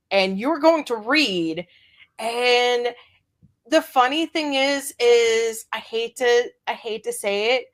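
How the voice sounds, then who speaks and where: A woman in her thirties, a guest on a podcast, chatting casually in an unhurried way. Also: mid-range voice.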